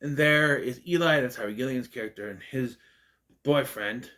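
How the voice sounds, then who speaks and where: Speaking at a moderate pace in a medium-pitched voice, a young man offers a rambling, animated spoken film review. He frequently stops to correct himself partway through sentences.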